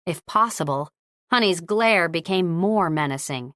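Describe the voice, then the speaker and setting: Low-voiced woman narrating a romance novel. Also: moderate pace, fairly bright tone, clean tone, no echo, studio quality. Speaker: audiobook narrator. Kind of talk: scripted narration.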